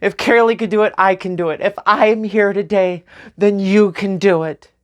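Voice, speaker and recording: A young woman speaking slowly and tearfully in a personal memorial vlog, with soft nervous laughs. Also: mid-range voice, fairly even intonation. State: crying. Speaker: vlogger.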